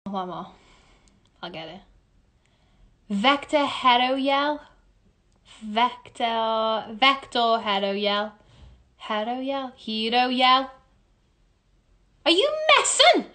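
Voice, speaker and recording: A woman's voice: on the high side, extremely slow, long pauses, pushed and bright. A woman playing a word-guessing game into her phone at home, repeating phrases aloud with incredulous outbursts. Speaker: musical theatre performer. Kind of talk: casual selfie video game.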